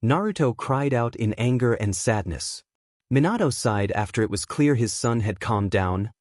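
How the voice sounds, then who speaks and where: Man with a lively, expressive narration voice. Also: lowish voice, normal speed, dry recording, clean studio sound. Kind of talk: fan fiction story reading.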